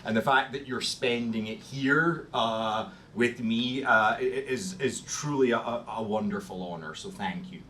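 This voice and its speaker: A man's voice: mid-range voice, unhurried, few pauses, pushed and bright. A man with a Scottish accent giving a history lecture to a group, self-deprecating, with lots of ums and restarts. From Scotland. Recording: distant mic in a room with faint noise.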